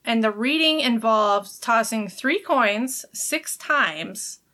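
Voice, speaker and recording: Bright-voiced Midwestern American woman podcaster. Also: on the high side, animated. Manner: chatty, recapping, quick to laugh. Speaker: podcast co-host. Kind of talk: casual chat.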